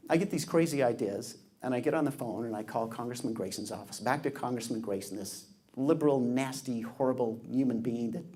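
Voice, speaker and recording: A man tells a story from the podium, his voice mellow and warm. He is animated, dropping into the voices of people he quotes. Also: mid-range voice. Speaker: public speaker. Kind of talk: storytelling speech.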